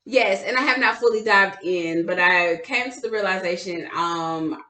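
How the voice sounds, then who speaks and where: A woman's voice: on the low side, normal speed, sharp tone. A woman co-hosting a podcast in casual chat, telling a candid, profane story about her own life. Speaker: podcast co-host. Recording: echoey room.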